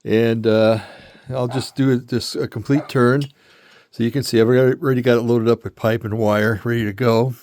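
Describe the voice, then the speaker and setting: Here the metal casting hobbyist, an older man, speaks at normal speed in a steady, mid-range voice that's a little mellow. Slightly winded, he demonstrates a tool casually, rambling, filling pauses, and frequently correcting himself.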